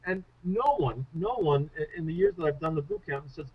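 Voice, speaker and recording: A man speaking as a guest on a radio interview, a public speaking coach telling stories in an animated, self-deprecating way. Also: on the high side, fairly quick, few pauses, a little hiss or hum. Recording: muffled radio show audio.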